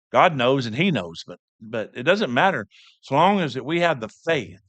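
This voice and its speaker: A man's voice: mid-range voice, lively intonation, a little fast, fairly bright tone, no echo. Man telling a rambling testimony. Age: older. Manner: rambling storyteller, many restarts and fillers. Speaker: church member giving testimony. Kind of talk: personal testimony.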